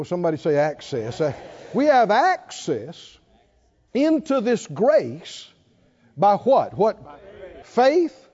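A man preaching a sermon, swinging between loud, animated calls and hushed asides. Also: sits high, lo-fi sound. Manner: animated preaching, mimics whiny voices and swings from shouting to hushed.

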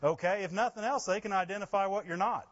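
Animated preaching man, lo-fi. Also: high-pitched, fast. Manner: animated, rising to loud emphasis and laughing asides. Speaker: pastor. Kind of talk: sermon.

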